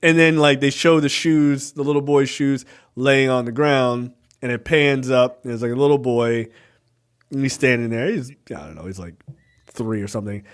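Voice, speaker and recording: A man's voice: medium pitch, moderate pace, clear, resonant tone. Laid-back cursing podcast host, male. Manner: profane, laid-back storytelling. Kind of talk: casual movie review chat.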